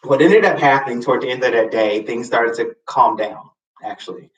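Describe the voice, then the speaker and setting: A man hosting a live show, telling a personal story in a casual, expressive way with sassy asides and sudden high swoops for emphasis. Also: brisk. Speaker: host. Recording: roomy, slightly distant mic.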